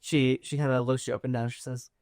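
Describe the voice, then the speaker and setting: Brief: a giggly, chatty man running a tabletop game, mid-pitched. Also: little pitch movement, quick pace, a little mellow. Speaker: game master.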